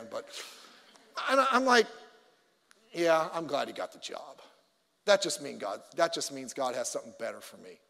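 A man's voice: a little high, gravelly. A middle-aged man preaching a sermon, telling stories animatedly with stammered restarts and acted-out voices. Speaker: pastor. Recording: long hall reverb.

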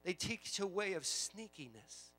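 A middle-aged man, a pastor preaching a sermon in church, shifting from low conversational asides to loud emphatic preaching. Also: big pitch swings, unhurried, soft background music. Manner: conversational, with frequent asides and repetitions. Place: church sanctuary.

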